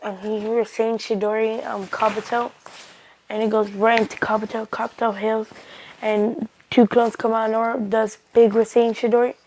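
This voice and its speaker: High, fairly flat female storyteller. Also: moderate pace, slight background noise, low-quality recording. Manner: rambling, with many restarts and "he's like". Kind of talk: casual retelling of an invented anime fan story.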